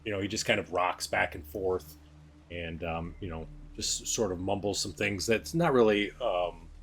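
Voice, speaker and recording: A man narrating as game master in a relaxed, rambling way with many fillers. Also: low-pitched, normal speed, a little hiss or hum.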